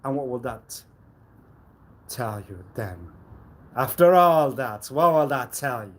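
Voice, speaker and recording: A man talking alone on a live stream in a rambling, cryptic monologue, swinging between low mutters and sudden loud bursts. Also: expressive, takes it slowly.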